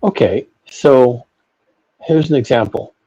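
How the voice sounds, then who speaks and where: A man talks through a philosophical discussion with blunt, profane emphasis. His voice is mellow and dark, with a husky, slightly rough texture. He circles back and repeats phrases as he drives each point. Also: mid-range voice, slow, dull audio. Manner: emphatic, profane ranting with repetitions. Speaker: podcast host.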